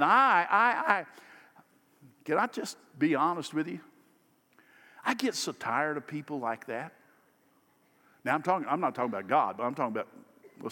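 Emphatic preaching man, lively pitch. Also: in a large hall. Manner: emphatic preaching, swelling louder and higher on key phrases. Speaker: pastor. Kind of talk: sermon.

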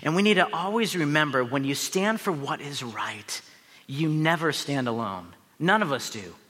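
A man's voice: a little high, expressive, moderate pace, a bit bright, big-room sound. A man, a pastor, preaching a sermon in an earnest, emphatic way, with asides to the listeners.

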